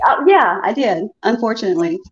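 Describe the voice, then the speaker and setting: A woman's voice: mid-range voice, expressive, fairly quick. Woman from chicago calling in, chatty, laughs a lot, muffled lo-fi line. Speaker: caller. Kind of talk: casual storytelling.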